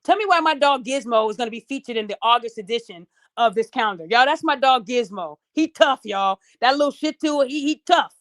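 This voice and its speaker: A middle-aged woman chatting casually to her viewers, telling stories in a lively, talkative way. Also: on the high side, fairly quick, hardly any pauses, dry recording, clean studio sound. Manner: chatty, storytelling, addresses audience as y'all. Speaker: podcast host.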